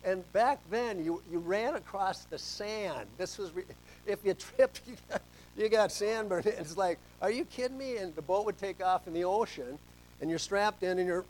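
A middle-aged man preaching a sermon as pastor, telling stories and swinging between soft asides and loud emphasis. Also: sits high, normal speed, slight background noise, rough recording.

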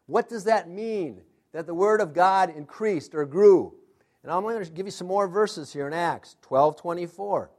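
A man preaching a sermon, emphatic, asking the congregation to fill in words and dropping to hushed, intense asides. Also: high voice, moderate pace. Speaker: pastor.

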